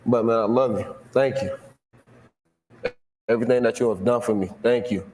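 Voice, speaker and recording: A man's voice: medium pitch, steady tone, moderate pace, a little mellow. A young man from Florida giving a heartfelt, emotional acceptance speech, talking casually with slang and repeating himself. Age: young adult. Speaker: award winner giving a speech. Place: large hall on a stage. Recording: echoey hall, faint noise.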